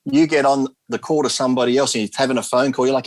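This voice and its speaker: A man's voice: medium pitch, fairly even intonation, fast, dry recording. A man on a video call, telling rambling stories in casual chat and swearing freely. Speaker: guest.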